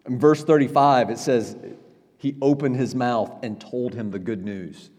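A man preaching as a pastor in a church sanctuary, his middle-pitched voice carrying with a long reverb through the hall. He keeps it conversational and checks in with the congregation with asides. He often stumbles and restarts his phrases. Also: a little slow, darkish tone. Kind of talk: sermon.

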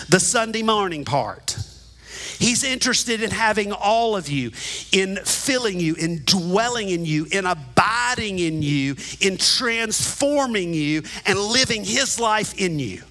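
High-pitched guy preaching in church, bright tone, talking right at the people. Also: low-quality recording. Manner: animated teaching, direct address to congregation. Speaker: pastor. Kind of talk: sermon. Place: church sanctuary.

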